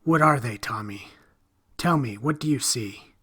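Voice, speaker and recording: A man's voice: mid-range voice, measured pace, fairly bright tone, slightly rough. A man voicing a shaken male police detective who speaks tensely and pleads.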